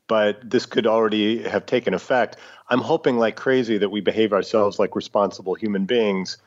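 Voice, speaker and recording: A man co-hosting a podcast, teasing his co-host in casual, joking banter. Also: fairly low pitch. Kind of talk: casual chat. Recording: slightly dull lo-fi sound.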